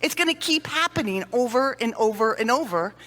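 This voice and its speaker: A conference speaker on dementia care, a woman with a high, bright voice, gives a lively and fairly quick talk to an audience. She acts out sighs and little scenes, and her voice carries the long reverb of a large hall.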